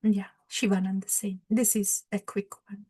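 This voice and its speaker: A woman giving a devotional lecture, retelling a scripture story with many pauses and fillers. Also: medium pitch, little pitch movement, breathy edge. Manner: hesitant, many fillers, warm laughs. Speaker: devotional speaker.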